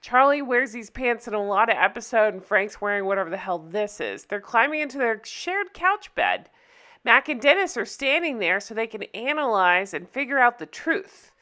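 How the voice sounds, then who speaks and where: A woman's voice: a little high, very animated, normal speed, sharp tone. A woman recapping a TV episode in a casual chat, often breaking up laughing. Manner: giggly, keeps breaking into laughter. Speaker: recap vlogger.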